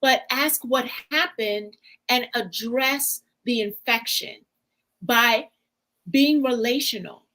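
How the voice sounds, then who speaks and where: A woman coach explaining her ideas in a slow, deliberate interview. Her voice sits a little high, and she takes her time over each point. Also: fairly bright tone, low-quality recording. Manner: measured, explanatory. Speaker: guest speaker, relational coach. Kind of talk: interview answer.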